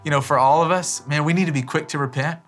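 A man preaching in an earnest, conversational way, leading the church in prayer. He often says "man" and "you know". Soft instrumental music plays faintly under his voice. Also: a little high, fairly even intonation, fast. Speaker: pastor. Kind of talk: sermon and closing prayer. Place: church service.

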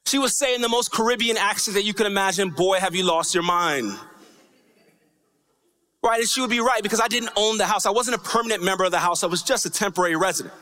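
Speaking very fast with hardly a pause, this pastor's high voice comes across pushed and bright as he delivers his sermon. He keeps it chatty, tossing in "right?" again and again and giving his key lines a sing-song lilt, all echoing through a large hall.

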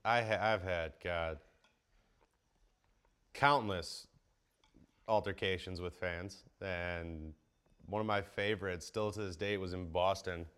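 A man in casual chat as a podcast guest, telling animated, profane stories and jumping into high-pitched quotes. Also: slow, pauses often, clear, resonant tone. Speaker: podcast guest, baseball player.

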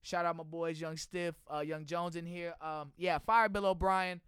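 Young Texan man, high bright voice, loud animated sports-podcast rants, dry close mic. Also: normal speed, smooth, no echo. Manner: loud, animated ranting with laughter. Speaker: podcast host. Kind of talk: casual sports podcast chat. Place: indoor room with friends.

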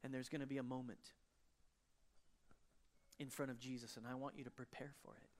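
A pastor giving an emotional sermon, moving between fervent emphasis and hushed, quiet passages. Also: medium pitch, little pitch movement, brisk.

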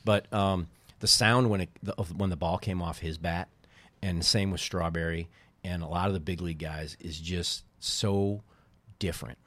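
Man, middle-aged, very deep voice, dry recording, casual rambling storyteller. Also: fairly even intonation, moderate pace, a bit bright, no room sound. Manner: rambling, self-interrupting storyteller. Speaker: podcast guest, former baseball team co-owner.

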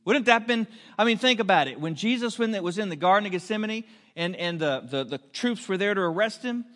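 High-voiced preacher in an echoing hall. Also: male voice, animated, fairly bright tone. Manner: emphatic, rhetorical questions, drawn-out punch lines. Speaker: pastor. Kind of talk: sermon.

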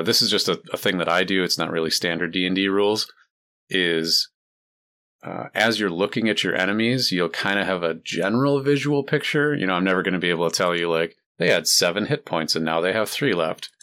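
Guy running a d&d game, really deep voice, chill and rambly. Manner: relaxed, explains rules with fillers. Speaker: dungeon master. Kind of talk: narrating a tabletop game.

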